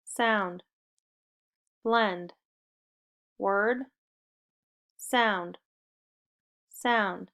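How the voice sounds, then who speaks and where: A woman's voice: medium pitch, drawn-out words, vocal fry, pauses often, fairly bright tone. A woman teaching a spelling lesson to young children, giving upbeat and encouraging step-by-step instructions. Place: home recording.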